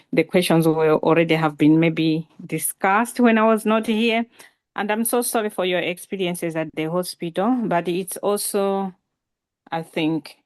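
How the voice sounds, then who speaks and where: A woman with a fairly low voice asks questions on a video call. She is polite and apologetic, and the sound is dry. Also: dry recording. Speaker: guest asking questions.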